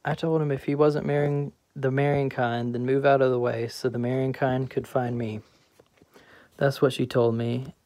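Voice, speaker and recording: A swaggering, boastful middle-aged husband spins yarns and teases his friend, as a man reads him aloud. The voice is mellow, with a flat, even lilt. It sounds dry and close. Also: mid-range voice, moderate pace, no echo, close to an everyday voice. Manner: swaggering, teasing, storytelling. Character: Troy, brash boastful middle-aged male garbage collector.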